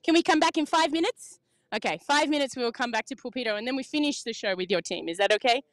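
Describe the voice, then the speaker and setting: Bubbly high-voiced woman host on a dock. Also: expressive, quick pace, no room sound. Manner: bubbly, laughs often, playful. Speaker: sailing reporter, host. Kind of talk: casual on-the-spot interviews. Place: outdoors on a marina dock.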